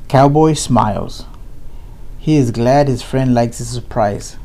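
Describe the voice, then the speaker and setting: Brief: man narrating a kids' storybook, slow, mellow, warm tone. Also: medium pitch. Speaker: reader. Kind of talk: children's read-aloud.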